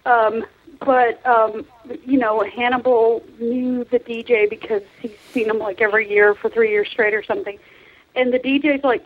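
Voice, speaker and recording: A woman's voice: on the high side, steady tone, moderate pace. A woman chatting casually on a podcast, telling rambling stories. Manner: rambling storyteller. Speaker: podcast guest on the line. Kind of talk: casual chat. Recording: tinny phone line.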